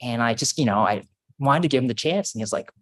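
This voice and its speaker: A man's voice: mid-range voice, expressive, fast talker, poor audio. A man speaking at a podium microphone in a large auditorium, giving a casual, self-deprecating ceremony speech full of stories. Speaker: faculty speaker.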